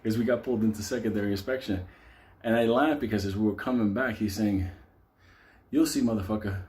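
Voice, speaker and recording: A man telling a wild story in a casual, animated way, swearing constantly and laughing as he goes. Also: fairly low pitch, fast. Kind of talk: casual profane anecdote telling.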